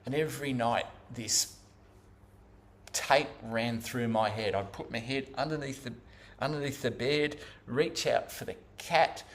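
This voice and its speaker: Halting Australian man telling his story. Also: medium pitch, fairly bright tone. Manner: halting, many fillers and restarts. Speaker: Zen practitioner giving a talk. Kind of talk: personal storytelling talk.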